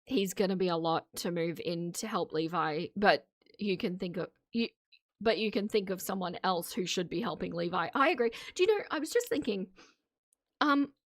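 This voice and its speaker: A woman's voice: medium pitch, no room sound, studio quality. A woman streamer giving casual, opinionated commentary to her live chat, laughing often between remarks. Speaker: streamer reacting to videos.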